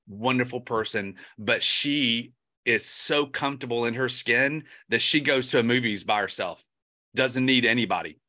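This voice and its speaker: Male interview host, bright forward voice, rambles and restarts as he thinks aloud. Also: mid-range voice. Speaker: podcast host. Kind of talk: casual interview chat.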